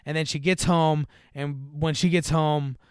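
A man's voice: on the high side, steady tone, measured pace, smooth, dry recording, clean studio sound. A man in casual chat, retelling a movie in a rambling way, full of fillers and acted-out lines in a raised voice. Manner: rambling, filler-heavy, acts out characters in a raised voice.

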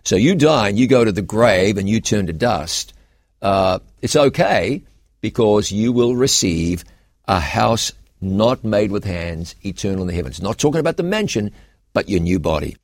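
A man with a fairly low voice, a pastor answering Bible questions with an earnest, preaching cadence. He reads scripture aloud and builds to emphatic points. The sound is dry and close, with no room around it. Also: expressive, normal speed, no echo. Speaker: pastor and co-host. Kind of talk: Bible Q&A discussion.

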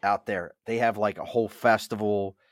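Hosting a relaxed bar conversation, this middle-aged man jokes around, chats freely, and laughs often. He has a Mid-Atlantic American accent and a lowish voice with a level tone at normal speed, captured as clean studio audio without room sound.

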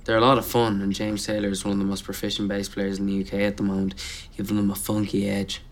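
A man acting out a deadpan young man earnestly talking about bands in a low, flat mumble. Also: fast talker, natural voice.

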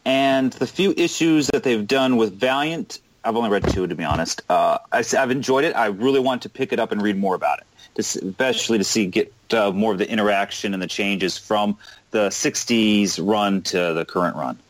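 A man's voice: fairly low pitch, brisk, no echo, low-quality recording. A man chatting casually as a podcast co-host, rambling a little with hesitations. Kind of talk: casual chat about comics.

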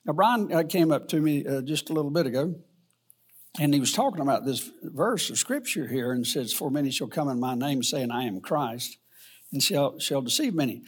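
A man teaching a Bible study lesson in a rambling, halting way, with many fillers and restarts. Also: medium pitch, lively intonation, slightly rough.

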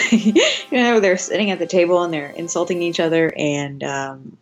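A woman's voice: lowish voice, normal speed, faint music behind. A young woman hosting a podcast, chatting casually and reacting eagerly. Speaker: podcast host. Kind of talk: casual chat.

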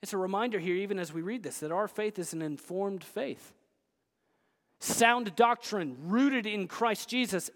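A man preaching a sermon as pastor, emphatic, swinging between loud declarations and hushed asides. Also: high voice, normal speed, big-room sound.

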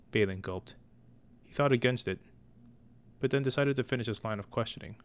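A man reading a story aloud as narrator, in a measured, even manner. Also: medium pitch.

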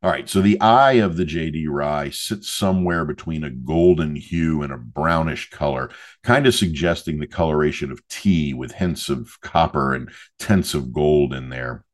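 A man's voice: rumbling low, moderate pace. A man hosting a podcast, talking casually and joking with loose asides as he reviews a drink. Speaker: podcast host.

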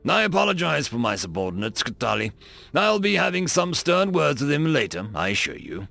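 A man's voice: a little high, big pitch swings, brisk, vocal fry, bright, forceful tone, faint music behind, full character voice. A man voicing a stern, proud human general who gives firm commands in a storybook reading.

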